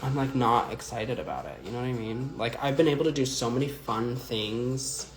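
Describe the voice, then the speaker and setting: Young male drag performer, loose chatty livestream delivery, filler-heavy, mid-pitched, roomy echo. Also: normal speed. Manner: rambling, chatty, many "like" and "um" fillers. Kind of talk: casual livestream chat answering viewer comments. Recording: echoey room with faint music.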